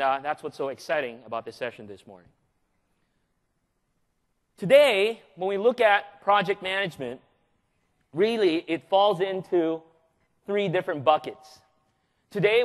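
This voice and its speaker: A man from the Philippines giving a live conference presentation, energetic and joking, often throwing questions at the audience. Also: high-pitched. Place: large conference hall. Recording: long reverb of a large hall.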